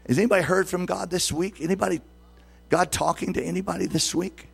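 A man's voice: high-pitched, steady tone, fast, gravelly, breathy edge, soft background music. A man in his sixties preaching a sermon as pastor, often putting questions to the congregation. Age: 60s.

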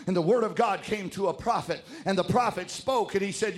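A man preaching a sermon, emphatic and exhorting, swinging between shouted lines and hushed asides. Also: sits high, a little fast, hardly any pauses.

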